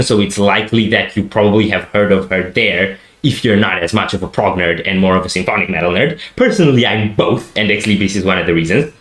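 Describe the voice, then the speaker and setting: A man's voice: fairly low pitch, a bit bright, echoey room. A man co-hosting a music reaction show, chatting casually and gushing like a fan with frequent restarts. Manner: enthusiastic fanboy rambling with restarts.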